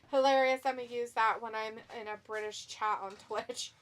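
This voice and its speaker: A woman's voice: a little high, fairly even intonation, normal speed, slight background noise. A woman hosting a live wrestling watch-along, chatty and giggly, reading chat messages aloud. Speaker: stream host. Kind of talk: casual watch-along commentary.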